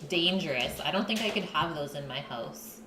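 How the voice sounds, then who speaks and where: A woman's voice: sits low, animated, normal speed, reverberant, crowd noise. A woman hosting a live cooking stream, chatting casually with her viewers and her partner while she cooks. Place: home kitchen.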